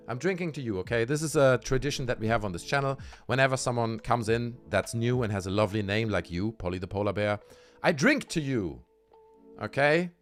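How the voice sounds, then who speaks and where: A man's voice: medium pitch, expressive, a little fast, faint music behind. A man hosting a livestream, ranting heatedly with lots of swearing and talking straight to his chat while drinking. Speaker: livestream host. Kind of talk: casual livestream rant.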